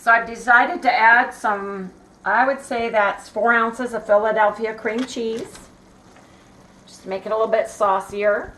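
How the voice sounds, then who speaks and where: A woman's voice: a little high, fairly even intonation, measured pace, a bit bright, reverberant, slight background noise, rough recording. A woman chatting casually in a rambling way while cooking at home for her vlog. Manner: chatty, rambling, laughs often. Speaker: vlogger. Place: home kitchen.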